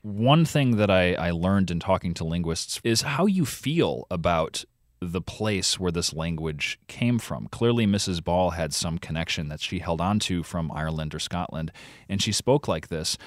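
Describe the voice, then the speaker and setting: A man's voice: low voice, no room sound, studio quality. A man, a podcast reporter, explaining things as a guest in a conversational radio interview, thinking aloud with fillers.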